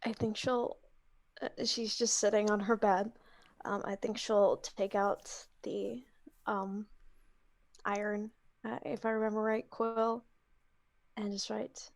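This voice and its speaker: A woman playing in a tabletop game, speaking in a hesitant, relaxed way. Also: mid-range voice, slow pace, gravelly, long pauses. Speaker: player. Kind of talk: casual tabletop play.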